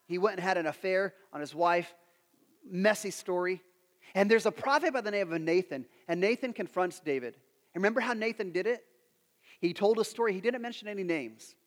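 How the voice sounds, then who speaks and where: A man preaching a sermon as pastor, animated and acting out the story's characters in quick voices. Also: high-pitched, in a large hall.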